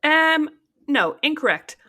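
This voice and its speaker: A woman's voice: high voice, sing-song, slow, sharp tone. A woman with an Irish accent co-hosting a podcast in casual chat, teasing and wry. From Ireland. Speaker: podcast co-host.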